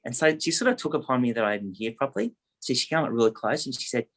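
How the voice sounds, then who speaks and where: Aussie agent, animated storyteller, mid-range voice, casual coaching tone. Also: male voice, medium pitch, fast talker, few pauses. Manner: animated anecdote teller, lively, acts out quotes. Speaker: real estate agent.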